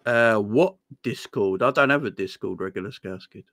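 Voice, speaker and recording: A man's voice: lowish voice, moderate pace, a bit bright, no room sound. Laid-back man hosting a live chat. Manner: laid-back, laughs often, reads chat comments aloud; addresses viewers as "my friend" and "man". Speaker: livestream host.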